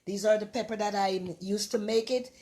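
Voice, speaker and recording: An older woman with a Jamaican accent chats her way through a home cooking vlog, rambling and affectionate as she talks. Her voice sits at an everyday middle pitch. The recording has the roomy echo of a bare kitchen. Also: steady tone, a little fast, dark tone. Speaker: cooking show host. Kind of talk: casual cooking vlog chat. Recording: echoey kitchen.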